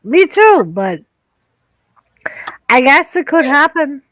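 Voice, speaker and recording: Slow, giggly Boston woman, high and dry. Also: sing-song, fairly bright tone, dry recording. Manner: giggly, teasing, swears casually. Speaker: stream host. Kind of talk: casual watch party chat.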